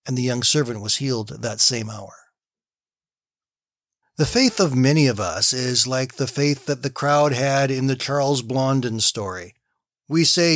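A man's voice: mid-range voice, normal speed, a bit bright, dry recording, clean studio sound. A man hosting a short daily devotional, telling stories and reading scripture in an easygoing, conversational way. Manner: easygoing, conversational, inviting listeners to relax. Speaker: host of a daily devotional program. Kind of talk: short devotional talk with storytelling.

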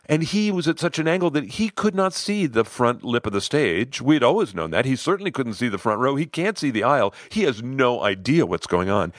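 A middle-aged man telling a personal story in an animated way, acting out the lines of other people. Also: mid-range voice, a little fast, few pauses, no room sound, clean studio sound. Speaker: host, storyteller. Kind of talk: personal story told to listeners.

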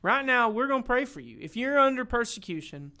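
A young man, co-hosting a church podcast in a casual, animated Bible discussion, acting out quotes as he goes. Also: extremely high pitch, fairly quick, vocal fry. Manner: animated, acts out quotes, says "dude".

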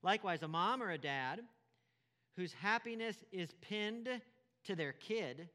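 A man's voice: high-pitched, lively intonation, a little slow, sharp tone, big-room sound. A man preaching a sermon as pastor, emphatic, repeating key phrases and asking rhetorical questions.

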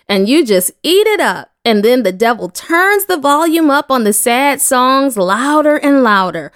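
A woman's voice: mid-range voice, animated, normal speed, hardly any pauses, no echo, clean studio sound. A woman giving an earnest devotional talk, asking her listeners questions as she teaches. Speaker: devotional speaker.

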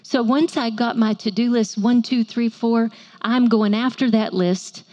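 Soft-spoken woman preaching. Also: fairly high pitch, fairly even intonation, measured pace, lo-fi sound. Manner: soft-spoken, playful asides, audience call-and-response. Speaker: women's ministry speaker. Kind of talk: sermon to a women's audience.

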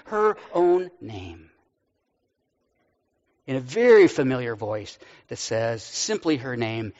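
A man's voice: mid-range voice, lively intonation, takes it slowly, pauses often. A man in his sixties preaching a sermon, telling the story conversationally with light humor. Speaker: pastor. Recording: dull audio with long hall reverb.

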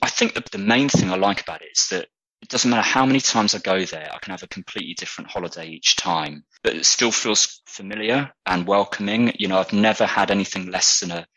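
A man's voice: deep voice, fast, pushed and bright, dry recording, low-quality recording. A British man, a guest in a casual interview, talking thoughtfully with frequent restarts. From Britain.

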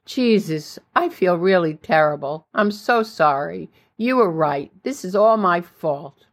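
A woman's voice: lowish voice, animated, measured pace. A woman voicing a brash, scheming teenage girlfriend who is pushy and upbeat and swears freely. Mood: apologetic.

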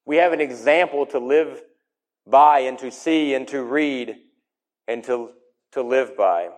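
A man preaching a sermon in an emphatic way, his voice swinging between loud and soft. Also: medium pitch, a little slow.

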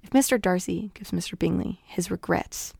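A woman's voice: on the low side, moderate pace, gravelly, darkish tone, breathy edge, no echo, clean studio sound. A young woman casually retelling a novel's plot, playfully acting out the characters' lines and laughing often. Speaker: guest summarizing a novel.

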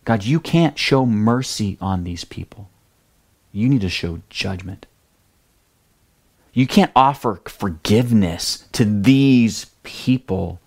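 A pastor acting out a biblical prophet who talks like a regular guy, eager at first and then stubborn. He pleads and argues in casual slang, in a mid-pitched man's voice. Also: lively intonation, slow, a little mellow, husky, exaggerated voice. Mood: indignant.

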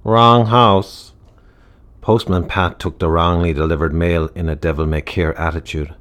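Deep voiced guy reading a dark comic story, wry and measured. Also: little pitch movement. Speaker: narrator. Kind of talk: storybook narration.

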